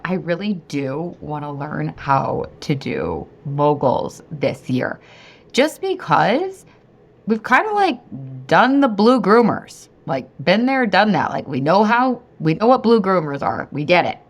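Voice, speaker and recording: A woman in her thirties hosting a podcast, telling a story in a chatty, animated way and often talking straight to her listeners. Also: fairly low pitch, moderate pace, hardly any pauses. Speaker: podcast host and weight-loss coach. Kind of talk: casual storytelling monologue.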